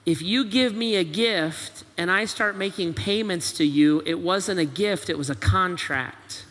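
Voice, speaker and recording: Male pastor, sermon, high pitch, rhetorical questions stacked one after another, big church reverb. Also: unhurried, a bit bright. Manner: presses with repeated rhetorical questions. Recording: long reverb of a large hall.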